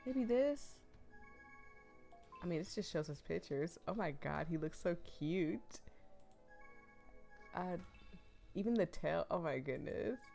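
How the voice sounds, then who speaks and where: A woman's voice: lowish voice, slow pace, creaky, long pauses, faint music behind. Giggly gushing woman streamer. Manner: gushing, giggly, excitable asides. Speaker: let's play streamer. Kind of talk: reading aloud a dating sim and reacting.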